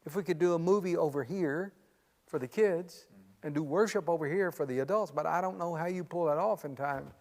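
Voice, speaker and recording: Man, middle-aged pastor, folksy and joking, slightly high voice, long echoing hall. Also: fairly quick, a little mellow. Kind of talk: casual Q&A chat.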